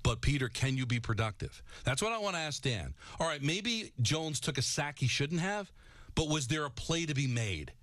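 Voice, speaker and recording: Loud, bright New sports radio host. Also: male voice, fairly high pitch, very animated, normal speed, no echo. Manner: loud, shouting, furious rant; blunt, sarcastic. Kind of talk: sports talk radio rant.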